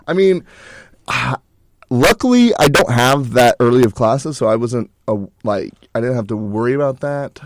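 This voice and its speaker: A man's voice: medium pitch, expressive, moderate pace, noisy background. A young man co-hosting a college radio show in a studio, chatting in an easygoing, rambling way and laughing often. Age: young adult. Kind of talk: casual chat. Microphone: studio mic.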